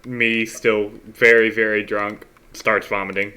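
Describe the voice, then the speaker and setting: A man's voice: fairly low pitch, level tone, measured pace, pushed and bright, clean tone. A man playing a tabletop game, dry and matter-of-fact. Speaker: player.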